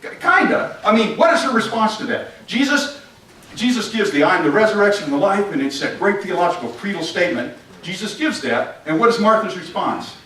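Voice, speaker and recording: Picked up by a distant mic in an echoey sanctuary, a pastor acts out scenes and fires questions at his congregation during a lively sermon. He talks fairly quickly in a high register, with a little hiss or hum audible.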